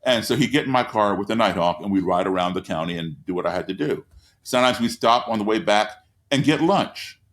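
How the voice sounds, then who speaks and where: A man's voice: lowish voice, lively intonation, brisk. A man telling stories as a guest in an interview, speaking with an emphatic, repetitive cadence from his living room over a video call. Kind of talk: storytelling in an interview.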